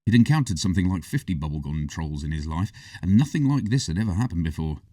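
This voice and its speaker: A man narrating a storybook with a low, mellow voice that rises and falls in a lively way. He sits somewhat far from the mic in a dry room with no echo. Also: fast. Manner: expressive, animated reading. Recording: distant, dry.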